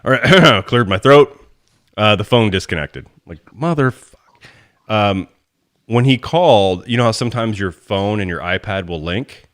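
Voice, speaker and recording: A man with a fairly low voice hosts a casual sports podcast. He tells stories with a lot of animation, jumps up in pitch when excited, and swears freely. It sounds like relaxed talk among friends. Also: normal speed. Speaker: podcast host.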